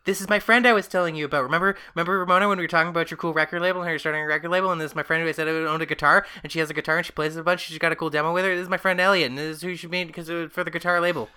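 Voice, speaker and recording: A man voicing a hyper, over-caffeinated young woman who gushes in a loud, high voice. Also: level tone, very fast, few pauses. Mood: excited. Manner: loud, high and breathless gushing.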